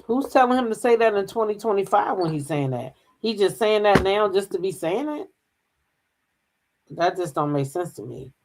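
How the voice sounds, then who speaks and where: Speaking in a mid-range, slightly mellow voice with lively intonation, this gossip channel host keeps things chatty. She hums long fillers between thoughts and reads news items aloud as casual commentary.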